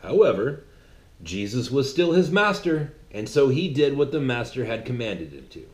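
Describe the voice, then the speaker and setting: A man's voice: medium pitch, sing-song, normal speed. A man delivering a sermon-like monologue in a mocking, conversational way. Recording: roomy echo.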